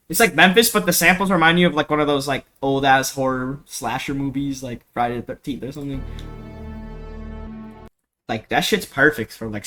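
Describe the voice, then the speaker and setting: Young man, bright tense voice, slangy and rambling, casual tutorial, cheap mic at home. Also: medium pitch. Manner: slangy, rambling, lots of fillers and swearing. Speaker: music production tutor. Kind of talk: casual screen-recorded tutorial. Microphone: cheap desk mic.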